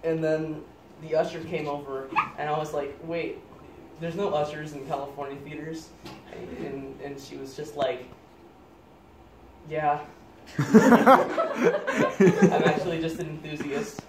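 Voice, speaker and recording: A young man improvising an absurd story out loud, deadpan and halting, often cracking up at his own lines. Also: a little high. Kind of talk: rambling improvised comic story. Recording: echoey room, distant mic, loud noise.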